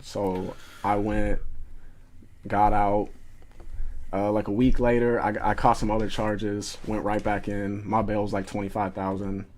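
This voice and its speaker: A man's voice: fairly low pitch, level tone, unhurried, a little mellow. A young man, a podcast guest telling stories in laid-back casual chat. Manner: laid-back storytelling, frequent swearing.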